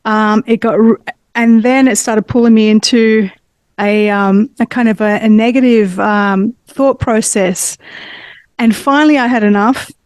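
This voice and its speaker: Higher-voiced woman telling a story. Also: unhurried, no echo, clean studio sound. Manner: earnest, animated, with restarts. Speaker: host. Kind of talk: personal storytelling in a conversation.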